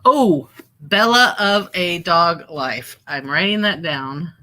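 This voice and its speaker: A woman's voice: fairly low pitch, slow, bright, forceful tone. A woman hosting a casual livestream from home, chatting in a rambling way, with fillers and asides to her viewers. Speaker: livestream host and online reseller.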